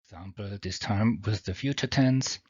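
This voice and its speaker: A man teaches English grammar over slides in a non-native accent, patiently taking it step by step at a moderate pace. His voice is on the low side, a little mellow, with a breathy edge. The recording is dry and has a dull, homemade lo-fi sound.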